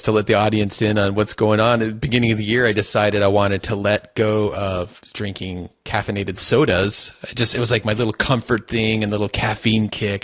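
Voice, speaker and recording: A man co-hosting a podcast in casual chat, chatty and quick to laugh. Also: fairly low pitch, fairly bright tone, no echo, clean studio sound. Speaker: podcast co-host.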